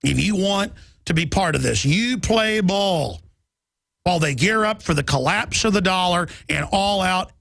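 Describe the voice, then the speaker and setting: A middle-aged man hosting a talk radio show, ranting in a heated, rapid political monologue. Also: high voice, lively intonation, vocal fry, a bit bright, dry recording.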